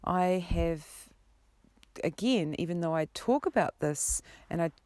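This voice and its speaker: Low-voiced woman teaching spiritual stuff on her vlog, earnest and gentle, rambles a bit, dry close sound. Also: animated, measured pace, no echo. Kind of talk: casual spiritual vlog monologue.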